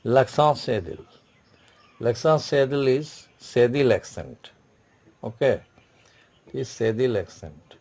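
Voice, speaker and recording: Gravelly-voiced man teaching a class. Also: medium pitch, lively intonation, darkish tone. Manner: repetitive, explains slowly with many restarts. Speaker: French teacher. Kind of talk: classroom lecture.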